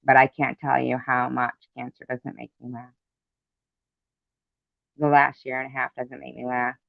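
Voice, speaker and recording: A man's voice: medium pitch, completely flat delivery, moderate pace, creaky, no room sound. A man delivering an angry, profane commentary rant, indignant and repetitive, on a dull lo-fi recording. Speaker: commentary vlogger. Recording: dull lo-fi sound.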